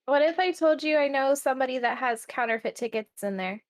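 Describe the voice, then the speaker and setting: A woman's voice: high voice, expressive, fairly quick. A woman playing her character in a tabletop game, pushy and bargaining. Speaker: player.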